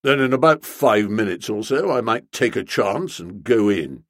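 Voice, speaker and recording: A man's voice: lowish voice, animated, moderate pace, dry recording, studio quality, pitched below the performer's own voice. A man voicing a resentful young policeman who talks bluntly and grudgingly, in an audiobook. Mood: brooding. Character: gruff young male policeman, resentful and menacing. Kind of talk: audiobook character voice.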